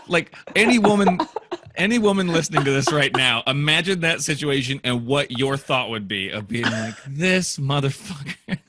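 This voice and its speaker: A man's voice: mid-range voice, animated, normal speed, background noise. A man in a casual chat, chiming in with short replies and laughter as his friend tells a story.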